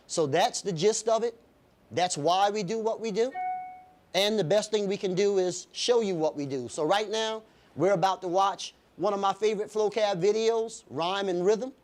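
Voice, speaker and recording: Guy giving an upbeat talk to a class of students, lots of ums and "all right?", voice sits a bit high. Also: a little mellow. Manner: upbeat, many fillers, checks in with "all right?". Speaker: visiting hip hop educator.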